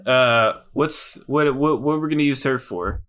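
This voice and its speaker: A man playing a tabletop game in casual chat, playful and quick with questions. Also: medium pitch, fairly bright tone. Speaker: player.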